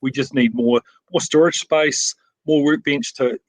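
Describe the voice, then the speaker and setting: A man's voice: medium pitch, steady tone, a little slow, dry recording, low-quality recording. A middle-aged man with a New Zealand accent, a frame shop owner talking casually in an interview over a video call, modest and rambling with many fillers and restarts.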